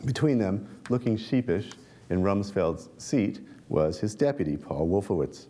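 A man, a reporter and author, reads aloud from his book at a talk with dry, wry asides, then answers questions with halting restarts. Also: lowish voice, expressive, dark tone.

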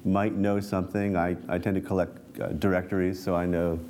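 A man with a deep, low voice reads from his own book to an audience, with dry, wry asides between passages. His tone is mellow and dark. When questions come, he speaks in halting restarts. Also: level tone. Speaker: author and reporter giving a book talk. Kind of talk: reading aloud from his book, then answering questions.

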